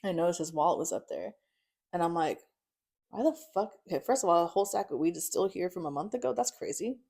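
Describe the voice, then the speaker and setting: A woman's voice: fairly low pitch, quick pace, vocal fry, a little mellow, husky. A young woman guest telling her life story in casual chat, swearing freely, acting out quotes and laughing often. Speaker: podcast guest.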